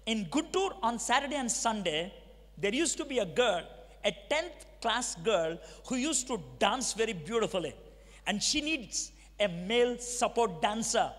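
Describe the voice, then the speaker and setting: A middle-aged preacher with a Telugu accent and a strikingly high voice, telling his story to a crowd and acting out every exchange. His words ring through a big hall with a long, lingering echo. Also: sing-song, measured pace, fairly bright tone. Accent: Telugu-accented Indian English. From Andhra Pradesh, India. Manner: storytelling, acts out dialogue, asks the audience questions. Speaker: preacher giving his testimony. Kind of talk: dramatic testimony sermon. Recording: long reverb of a large hall.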